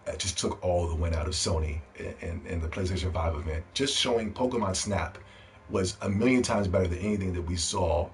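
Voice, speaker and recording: A young man hosting a live gaming stream, ranting casually and playfully with lots of swearing and bursts of shouting. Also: low-pitched, slight background noise. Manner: animated, profane, playful shouting.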